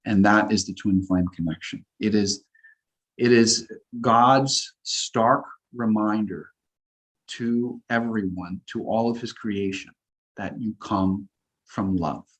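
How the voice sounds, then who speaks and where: Earnest male guest, low voice, very slow measured delivery. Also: steady tone, low-quality recording. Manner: earnest, slow, repetitive affirmations. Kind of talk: spiritual talk show chat.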